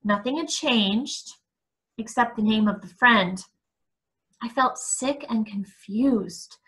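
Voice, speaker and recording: A woman reading a novel aloud, expressive, with occasional small restarts. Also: a little high, slow pace. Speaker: book reader.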